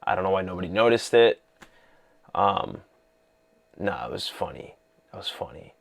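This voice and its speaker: A man casually talking through a film he loved, excited and rambling, full of "you know" and "like". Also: deep voice, normal speed, gravelly. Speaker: vlogger reviewing a film. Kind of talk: casual movie talk.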